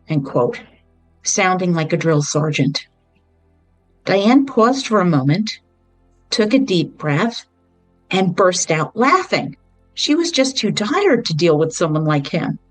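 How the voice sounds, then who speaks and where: A woman hosting a podcast, retelling a true-crime book in a measured storytelling way with brief personal asides. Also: mid-range voice, dry recording, rough recording. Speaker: podcast host.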